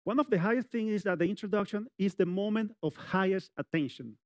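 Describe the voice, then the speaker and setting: Man, middle-aged, university lecture, animated, fillers, slightly high voice, dry close sound. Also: brisk, no echo. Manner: animated, addresses audience directly, many "you know" fillers. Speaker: public speaking lecturer.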